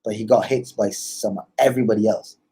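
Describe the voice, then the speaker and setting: A man from Barbados with a Barbadian accent, a guest talking in a relaxed, laid-back way. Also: fairly low pitch, brisk, slightly rough. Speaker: guest singer-songwriter. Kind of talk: casual interview chat.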